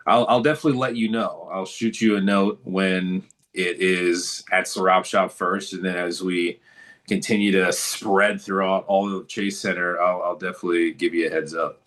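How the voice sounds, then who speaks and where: Deep-voiced man, laid-back storyteller. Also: steady tone, moderate pace, fairly bright tone. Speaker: guest. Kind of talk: casual interview chat.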